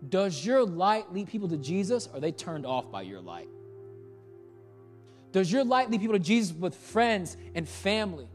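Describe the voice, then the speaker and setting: A male pastor preaching a sermon, firing off rhetorical questions and repeating phrases for emphasis, swinging from quiet earnest stretches to passionate outbursts. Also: high voice, very animated, moderate pace, soft background music.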